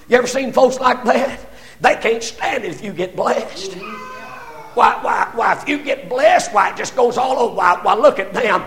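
An older preacher with a high voice delivers a fiery sermon. He swells into shouts, stumbles over repeated words as his passion runs ahead of him, then drops low again to drive a point home. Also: normal speed. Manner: impassioned, rising to shouts, stammering repetitions.

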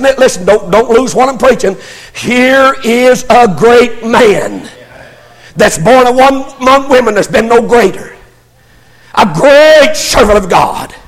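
An older man preaching a sermon as pastor, fervent, swelling into shouts and stammering restarts. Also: very high voice, big-room sound.

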